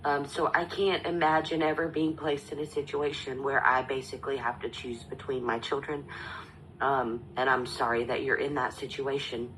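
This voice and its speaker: A woman in her thirties speaking as a guest on a live stream panel, halting and tearful, with many pauses and fillers. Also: very deep voice, level tone, fairly bright tone, a little hiss or hum, rough recording. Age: 30s. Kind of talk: emotional live stream sharing.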